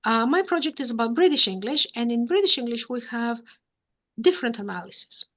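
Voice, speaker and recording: Woman lecturing, higher voice, muffled audio. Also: lively intonation, brisk. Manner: explaining with frequent "uh" and "okay?" checks. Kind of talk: academic lecture.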